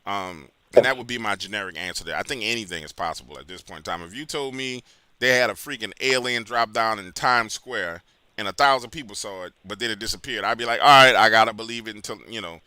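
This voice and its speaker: A man from New Orleans hosts a call-in show in a bright, slightly low voice. His casual talk jumps from loud bursts down to near-mutters. The sound is dry and close. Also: quick pace, no echo.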